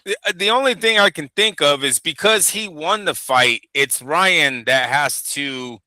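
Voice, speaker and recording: A man's voice: fairly high pitch, unhurried, bright, forceful tone, no echo. A man co-hosting a boxing show, chatting casually and tossing in "dude" and "bro". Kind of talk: casual podcast chat.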